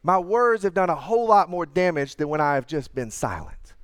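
A man, preaching a sermon in a conversational, earnest way, sometimes dropping to quiet asides. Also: fairly high pitch, lively intonation, fairly quick, clear, resonant tone, no room sound, studio quality. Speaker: pastor.

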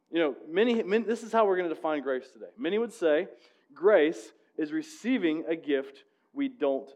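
A man preaching a sermon in a conversational, storytelling way, with frequent restarts, dropping low and rising on key points. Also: lo-fi sound. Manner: drops to a hushed voice when telling the story; rises and presses louder on the main points. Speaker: pastor.

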